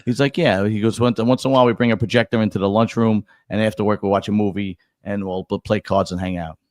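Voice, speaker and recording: A man's voice: lowish voice, fairly even intonation, fast, a little mellow, no room sound, studio quality. A middle-aged man hosting a podcast, telling profane workplace stories in casual chat, restarting his sentences often. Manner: profane storyteller with many restarts. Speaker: podcast host.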